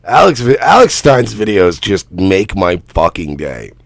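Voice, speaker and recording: A man's voice: sits low, sing-song, measured pace, gravelly, no echo. Profane laughing man reacting to clips. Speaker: radio show host reacting to clips. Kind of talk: casual reaction commentary.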